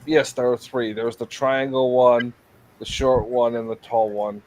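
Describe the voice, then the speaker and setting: A man's voice: medium pitch, fairly even intonation, a little slow, a little mellow, slight background noise, low-quality recording. A man hosting a casual livestream chat on a video call, rambling through a story with restarts and jokey asides. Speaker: show host.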